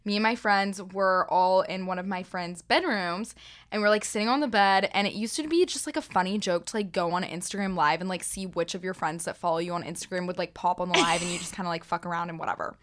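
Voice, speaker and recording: A young woman in her twenties co-hosting a casual podcast, chatty and animated, filling her sentences with "like". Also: fairly low pitch, quick pace. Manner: chatty, heavy use of "like", animated retelling. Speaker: podcast co-host. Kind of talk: casual chat.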